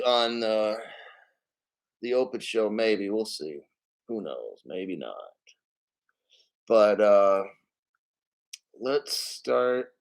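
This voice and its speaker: A man hosting a crypto livestream, chatting casually and rambling, swearing freely and greeting viewers by name. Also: medium pitch. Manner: rambling, profane, reads chat names aloud. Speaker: crypto channel host.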